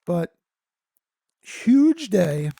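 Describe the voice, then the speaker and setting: Male podcast host, gravelly edge, dry close sound, squeaky and sweary when riled up, reads articles then rants. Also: very slow, no room sound. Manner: profane, excitable, reads articles aloud with side comments. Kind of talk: casual news-reading podcast rant.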